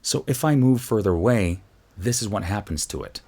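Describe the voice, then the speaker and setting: A very low-voiced man talks through a casual microphone lesson. He chats as he explains, stepping toward and away from the studio mic, so his voice sits in a small room full of reflections. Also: expressive, moderate pace, warm tone. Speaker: voice-over artist teaching about microphones. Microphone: studio microphones tested at changing distances.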